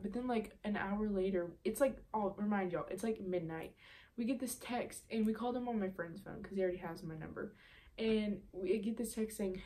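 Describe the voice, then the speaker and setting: A woman's voice: mid-range voice, moderate pace. A teenage girl telling a story on her vlog in a chatty way, full of "um" and "like". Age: late teens. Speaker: vlogger.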